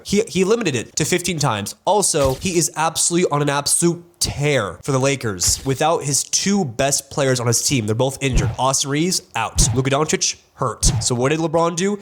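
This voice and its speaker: A man's voice: fairly high pitch, expressive, moderate pace, few pauses, slight background noise. A young man hosting a sports countdown, in casual, joking commentary that rambles and restarts often. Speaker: sports channel host.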